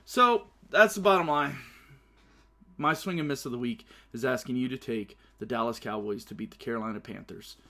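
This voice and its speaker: Loud-mouthed guy running his own show, swears a lot, cracks himself up. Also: mid-range voice, moderate pace. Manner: brash, profane, laughs through his own stories. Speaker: podcast host. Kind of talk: casual solo show commentary.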